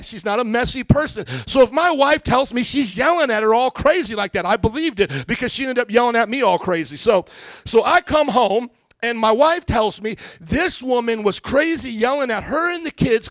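A pastor in his thirties preaching a sermon, telling a story in casual slang and acting out the voices with loud outbursts. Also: extremely high pitch, dry recording. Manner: animated, acts out quotes with shouts; casual slangy church talk.

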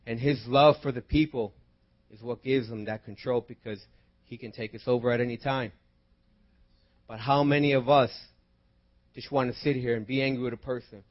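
A man preaching a sermon, moving from quiet teaching into loud, impassioned prayer and exhortation. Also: medium pitch, dull audio. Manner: breaks into spoken prayer.

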